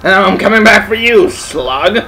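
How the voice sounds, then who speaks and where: A man's voice: high-pitched, lively intonation, a little slow, creaky, over music, rough recording. A young man hosting a let's play, joking and bantering casually while playing. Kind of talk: casual gaming commentary.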